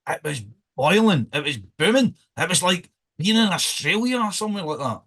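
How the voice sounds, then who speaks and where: Scottish guy hosting a podcast, high voice, joking around, chatty. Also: big pitch swings, moderate pace, a bit bright, husky. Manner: joking, rambling, laughs often. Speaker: podcast host. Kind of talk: casual banter.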